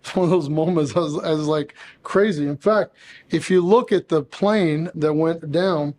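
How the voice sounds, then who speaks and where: A male podcast host telling a personal story in an animated way, quoting his own past thoughts as he goes. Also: fairly high pitch, a little hiss or hum. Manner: animated, quick storytelling with quoted asides.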